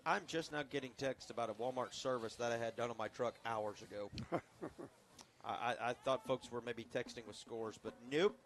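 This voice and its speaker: A man's voice: medium pitch, moderate pace. Chatty man calling local football on radio. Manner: lively, chatty, self-deprecating. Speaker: play-by-play announcer.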